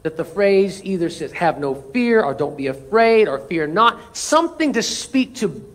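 High-voiced man preaching a sermon. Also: sing-song, normal speed. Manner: emphatic preaching with call-and-response. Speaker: pastor.

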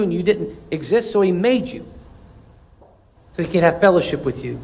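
High-voiced pastor preaching a sermon. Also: male voice, slight background noise, poor audio. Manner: emphatic, repeating phrases and restarting words. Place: church sanctuary.

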